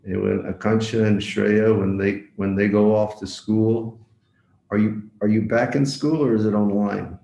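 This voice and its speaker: Slow gravelly-voiced monk giving a sermon. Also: male voice, fairly low pitch, fairly even intonation, dark tone, echoey room, dull audio. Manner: storytelling, repeats words for emphasis; asks the audience direct questions. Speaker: visiting monk lecturer. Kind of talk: devotional lecture.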